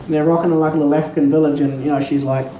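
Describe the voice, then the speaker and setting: A young man with a New Zealand accent doing a stand-up comedy set, deadpan, profane and self-mocking. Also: a little high, rapid-fire, muffled recording. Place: small pub stage. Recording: echoey pub room, mic far off, noisy.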